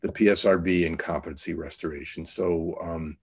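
Deep-voiced man chairing a meeting. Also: fairly even intonation, brisk, slightly rough. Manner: hesitant, many fillers and restarts. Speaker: task force chair. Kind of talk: online meeting discussion.

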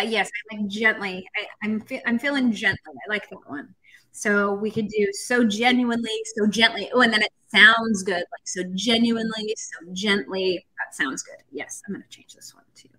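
A woman's voice: medium pitch, pushed and bright, rough recording. A woman teaching a language lesson on a live stream, explaining step by step and chatting with viewers. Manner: chatty, explains step by step, reads chat comments.

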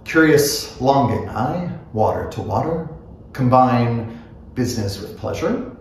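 Slow, expressive man reading literary prose. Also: medium pitch, far from the mic. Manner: unhurried, expressive, musing. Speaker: reader. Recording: very echoey room, faint noise.

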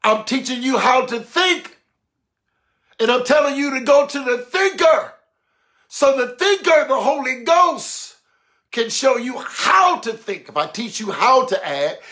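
A man preaching a sermon, animated and colloquial, acting out voices to make his points. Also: very high voice, measured pace. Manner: animated, mimics voices, laughs.

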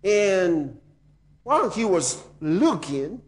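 A male pastor telling a story in a sermon, swinging dramatically from hushed tones to shouting. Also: high voice, very animated, very slow.

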